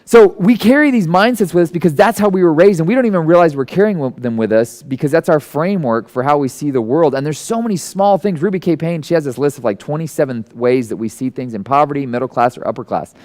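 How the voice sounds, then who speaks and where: A man giving a conversational sermon who tells stories and acts out the people in them with sudden jumps into a high voice. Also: lively intonation, fast talker, hardly any pauses, a little mellow. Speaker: guest speaker. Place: church hall.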